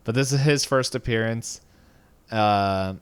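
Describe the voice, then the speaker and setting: A man's voice: mid-range voice, measured pace, clean tone. A man co-hosting a podcast, recapping a cartoon episode in a rambling, casual way with many fillers and frequent chuckles. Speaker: podcast co-host.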